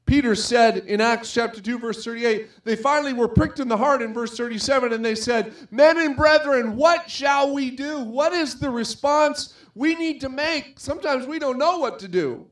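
A middle-aged man preaching with a fairly high-pitched voice. He speaks earnestly and conversationally, weaving personal stories into his sermon. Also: normal speed, few pauses. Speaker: pastor.

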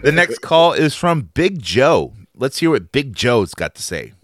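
A man co-hosting a comedy podcast, talking in animated, interrupting banter. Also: mid-range voice, unhurried, soft background music. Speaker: podcast co-host.

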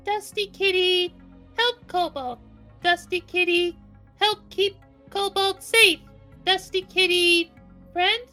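A squeaky, broken-speech little creature. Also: female voice, fairly even intonation, slow pace, pushed and bright, faint music behind, heavily acted. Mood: earnest. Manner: repeats short broken phrases. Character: small childlike creature with broken speech, loyal.

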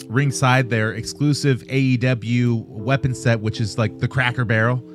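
A man's voice: mid-range voice, fairly even intonation, moderate pace, faint music behind. A man co-hosting a podcast, bantering casually in a laid-back, joking way with plenty of swearing. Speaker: podcast co-host.

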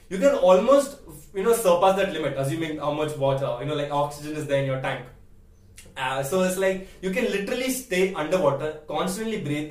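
A man's voice: on the high side, reverberant, recorded from a distance. A young man in his late teens telling a story casually as a vlogger, chatty, laughing often and asking "right?" again and again.

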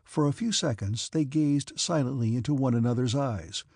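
Gravelly, husky male audiobook narrator. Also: mid-range voice, moderate pace, darkish tone, no room sound, clean studio sound. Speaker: audiobook reader. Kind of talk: audiobook narration of a classic novel.

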